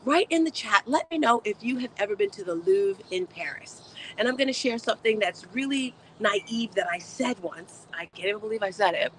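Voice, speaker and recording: A woman's voice: medium pitch, expressive, brisk, fairly bright tone, slight background noise, poor audio. A woman hosting a motivational live stream, chatting upbeat and speaking straight to her viewers. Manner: upbeat, chatty, talks to chat. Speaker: host.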